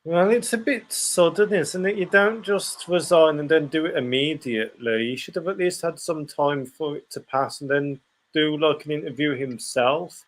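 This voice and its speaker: A man's voice: a little high, moderate pace. A young man, a student, co-hosting a podcast and giving rambling opinions in casual chat. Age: young adult. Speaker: podcast co-host.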